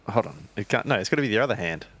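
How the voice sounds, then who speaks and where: A man's voice: lowish voice, noisy background. A man co-hosting a podcast in casual banter, with dry, teasing remarks. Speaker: podcast co-host.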